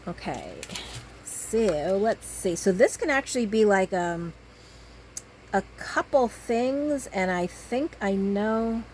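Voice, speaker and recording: Slow-talking woman chatting while crafting. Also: medium pitch, lively intonation, darkish tone, slight background noise, poor audio. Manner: chatty, talks to herself while working. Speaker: crafting vlogger. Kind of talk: casual crafting chat.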